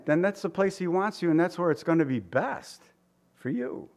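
A man preaches in an easy, conversational way, asking his congregation questions and acting out the lines he quotes. His voice sits a little higher than most men's. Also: expressive, moderate pace, darkish tone. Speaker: pastor. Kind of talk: sermon.

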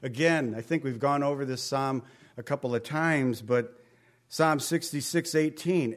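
A man's voice: medium pitch, normal speed. A man preaching a conversational sermon in a folksy way, with joking asides and questions to the congregation. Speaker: pastor.

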